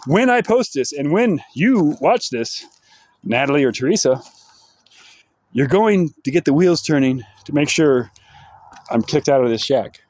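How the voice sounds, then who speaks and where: A man's voice: fairly high pitch, lively intonation, measured pace, long pauses, darkish tone, no echo. Profane, sardonic rambling man. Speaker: vlogger. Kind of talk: rambling monologue vlog. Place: outdoors in the sunshine.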